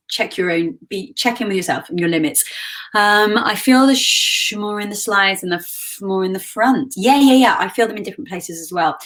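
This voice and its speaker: A woman vocal coach leading a live online singing warm-up in a relaxed, conversational way, breaking off to sing demonstration slides. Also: medium pitch. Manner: demonstrates exercises by singing slides between instructions.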